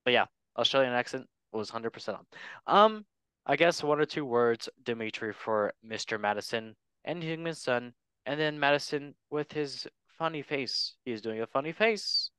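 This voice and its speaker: A man's voice: medium pitch, lively intonation, normal speed, a bit bright, clean tone, no room sound. A man hosting a casual football chat show, joking with his panel and reading out the news. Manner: jokey, teasing, reads news aloud. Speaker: host.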